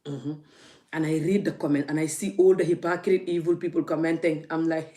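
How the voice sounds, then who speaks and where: A woman's voice: sits low, steady tone, brisk, warm tone. A woman vlogging into her phone, emphatic and laughing, often repeating her words. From Gambia. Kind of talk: casual ranting vlog.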